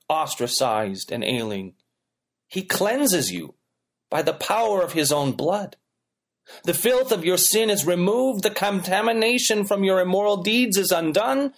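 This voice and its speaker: A man delivers a sermon, his voice sitting a little high and swinging widely in pitch. He preaches with emphatic, rhythmic repetition, stacking phrase on phrase. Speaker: pastor.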